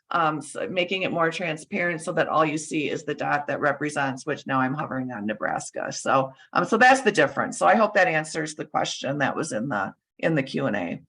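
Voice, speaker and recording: Woman, bright voice, losing her voice, halting screen-share demo, lots of fillers and restarts, video call mic. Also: low-pitched, low-quality recording. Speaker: user group presenter.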